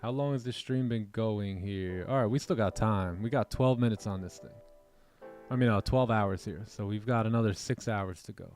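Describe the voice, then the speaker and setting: Mellow-voiced man, lively motivational talk. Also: on the low side, moderate pace, soft background music. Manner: animated storyteller, repeats "right?" and "man". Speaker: trading livestream host. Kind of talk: casual motivational chat.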